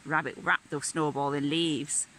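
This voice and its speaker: A woman telling a picture-book story to young children with a gentle, sing-song lilt. She reads at a slow, easy pace. Her voice is bright and clear. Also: deep voice, level tone, a little hiss or hum, rough recording. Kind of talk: reading a picture book aloud.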